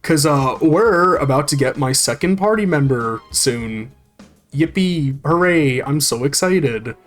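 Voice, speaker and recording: A casual game streamer rambles through a live session, swearing freely and answering viewers' chat as they play. The voice sits at a middling pitch, and faint game music hums underneath. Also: expressive, unhurried.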